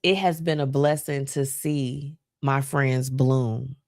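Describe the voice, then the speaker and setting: A woman's voice: rumbling low, steady tone, slow pace, a little mellow, no echo, studio quality. A woman hosting a live stream, talking casually and emotionally about her friends. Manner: chatty, heartfelt, emotional. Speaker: host.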